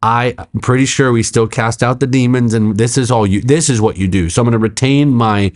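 A middle-aged pastor tells a story in a podcast conversation, narrating fast and emphatically, acting out quoted speech with sudden pitch jumps and saying "like" and "I'm like" a lot.

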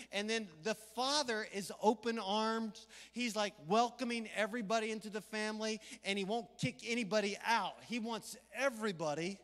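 Middle-aged Southern pastor, higher-pitched voice, lively casual sermon delivery, live church reverb. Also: male voice. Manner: energetic, conversational, playful asides. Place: church sanctuary.

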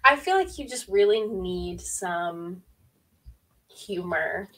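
A woman's voice: lowish voice, animated, slow, fairly bright tone. A woman co-hosting a casual podcast over a remote call, thinking aloud and often trailing off mid-sentence. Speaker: podcast co-host.

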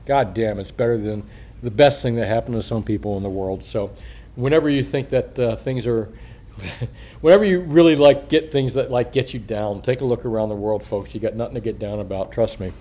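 An older man rambles through a casual video monologue, swearing freely and chuckling as he goes. His voice sits at a middle pitch with a dark, mellow tone, and his words slur a little through a missing front tooth. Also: a little fast. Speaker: coin shop owner and market commentator.

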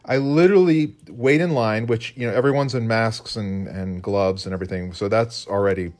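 A man's voice: fairly low pitch, moderate pace, darkish tone. Chatty, rambling man painting on a live stream. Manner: chatty, rambling, self-deprecating. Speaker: co-host and illustrator. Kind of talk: casual live-stream chat while painting.

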